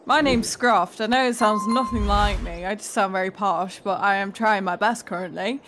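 A woman's voice: medium pitch, normal speed, noisy background, lightly acted. A woman doing an exaggerated posh-man impression as a mock intro in a gaming video. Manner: exaggerated plummy posh delivery. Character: posh English man, game-show-style host.

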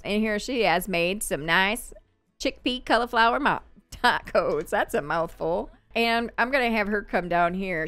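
A chatty woman hosting a gaming channel, talking through her game in a casual, upbeat way and laughing often. Her voice is bright and smooth, and faint game music plays behind her. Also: medium pitch. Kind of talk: casual gameplay commentary.

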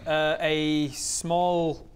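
A man's voice: fairly high pitch, little pitch movement, very slow, slight background noise. A man running a tabletop game as game master, explaining rules with many fillers and restarts. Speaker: dungeon master.

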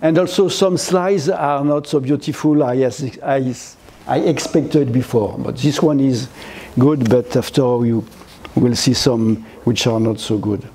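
An older man from France with a French accent, giving a gallery lecture in halting English, full of fillers and restarts. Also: medium pitch, steady tone, dark tone, slightly rough. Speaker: guest lecturer. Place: lecture hall, seated.

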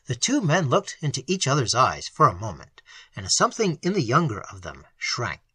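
A hoarse audiobook reader narrating a classic novel in an expressive, dramatic manner. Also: mid-range voice, moderate pace, dry recording, low-quality recording.

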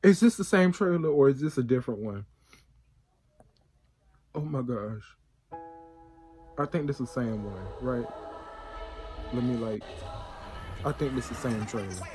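A man hosting a reaction video, talking in a casual, excitable and emotional way with plenty of slang. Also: mid-range voice, measured pace, pauses often, soft background music.

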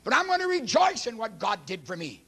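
A man preaching a sermon, emphatic and preachy, swinging between loud declarations and hushed asides, and reading scripture aloud quickly. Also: extremely high pitch, big pitch swings, creaky, breathy edge.

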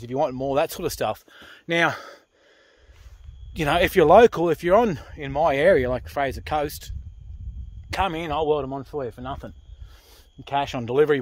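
An Australian man talking casually to camera outdoors, rough-spoken and swearing freely, out of breath from hauling a load. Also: a little high, no room sound. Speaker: pig hunter. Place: outdoors in the bush.

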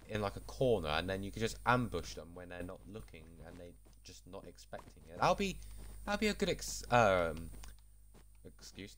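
A man's voice: fairly low pitch, a little hiss or hum. Chatty man rambling over gameplay. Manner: chatty, rambling, self-deprecating. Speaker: gaming channel host. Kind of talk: casual gameplay commentary.

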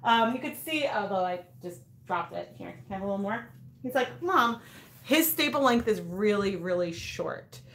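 A woman's voice: mid-range voice, lively intonation, normal speed. A woman in her thirties hosting a casual craft livestream, rambling with lots of fillers and restarts. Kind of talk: casual live chat. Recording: echoey room.

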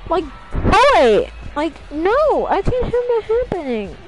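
A woman streaming a hockey video game from home, chatting casually and loudly scolding her pet. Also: extremely high pitch, sing-song, slow pace, over music, poor audio. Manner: loud, scolding her pet, playful threats. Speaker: gaming streamer. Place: home room while streaming.

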